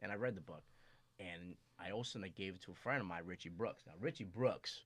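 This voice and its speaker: A man guest in casual chat, telling stories with swearing and loud acted-out quotes. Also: low-pitched, fairly quick, no room sound, clean studio sound. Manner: animated storyteller, swearing, acting out quotes loudly.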